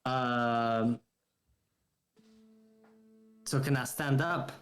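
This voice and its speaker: A man's voice: medium pitch, fairly even intonation, extremely slow, a bit bright, faint music behind. A man playing a tabletop game, hesitantly describing his character's actions in plain first person. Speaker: player.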